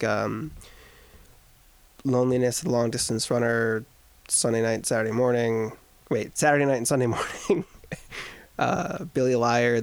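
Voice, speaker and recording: This podcast co-host has a gravelly, mid-range male voice, recorded with no room sound. His casual film talk rambles and jokes along, drifting off into side comments.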